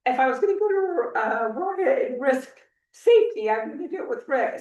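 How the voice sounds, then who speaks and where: A woman on a school board telling a story about a colleague in a rambling, animated way, her voice affected by allergies. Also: sits high, normal speed. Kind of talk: spoken tribute at a board meeting. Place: meeting room in a school. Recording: roomy sound from a distant mic.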